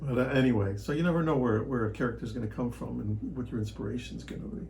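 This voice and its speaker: A man from the Chicago area talks casually as a podcast guest, with an even, middle-pitched voice. He tells his stories with animation and often jumps into loud, excited bursts. A faint noise sits under the voice. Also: fast, gravelly, poor audio. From Chicago area, United States. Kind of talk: casual storytelling chat.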